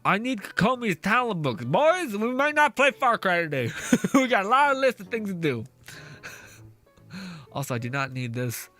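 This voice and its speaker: A man chats through a relaxed live stream as he plays, reading viewers' messages aloud and laughing between swears. His voice sits a little high for a man and sounds bright and forceful. Faint music plays quietly underneath. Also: normal speed. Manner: swears often, reads chat aloud, laughs easily. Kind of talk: casual live-stream chat while gaming. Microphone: face mask on while talking.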